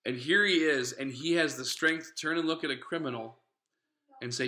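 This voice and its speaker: A man's voice: on the high side, normal speed, bright, forceful tone, slight background noise. Earnest conversational male preacher. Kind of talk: sermon. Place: church sanctuary. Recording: echoey church room.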